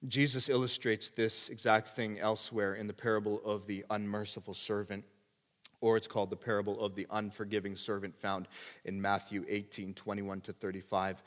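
A man preaching a sermon, moving from hushed asides to loud, emphatic passages. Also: lowish voice, long reverb tail. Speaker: pastor.

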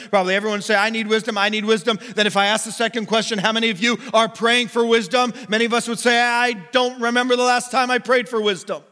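A man preaching a sermon as pastor, telling stories and acting out the voices in them. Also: sharp tone. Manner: storytelling, acts out quoted voices with big pitch jumps. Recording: long hall reverb.

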